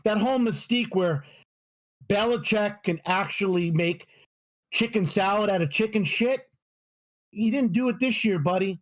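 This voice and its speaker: Man, high voice, profane sports ranter, casual podcast co-host. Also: normal speed. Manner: profane, ranting, animated.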